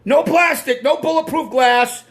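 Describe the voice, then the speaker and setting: A man with a Boston accent and a strikingly high voice, chatting through a casual live stream. He talks bluntly, drifts from point to point, swears freely and stops to greet viewers by name. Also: unhurried, a bit bright. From Massachusetts.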